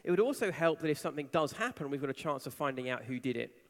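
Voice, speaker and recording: Man, conference talk, animated storytelling, slightly high voice, echoing hall. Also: fast. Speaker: conference speaker. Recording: reverberant hall.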